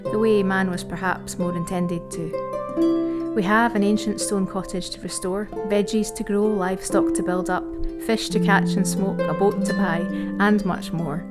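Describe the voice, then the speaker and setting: Woman narrating over loud harp music. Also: mid-range voice, fairly even intonation. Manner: measured, reads smoothly. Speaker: show narrator. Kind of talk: scripted narration.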